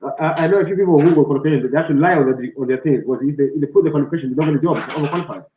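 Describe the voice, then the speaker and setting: Man in his 40s, show host, animated storyteller, slightly high voice, echoey lo-fi audio. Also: racing, a little hiss or hum. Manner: lively storyteller who acts out quotes. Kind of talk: casual chat. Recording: roomy, dull lo-fi sound.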